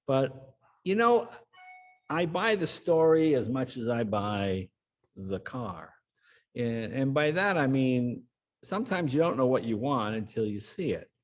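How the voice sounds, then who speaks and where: Older guy telling stories on a podcast, does the voices of the people in them, mid-pitched voice. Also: a little slow. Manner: animated anecdote teller, acts out quoted voices. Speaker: guest. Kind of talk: storytelling interview.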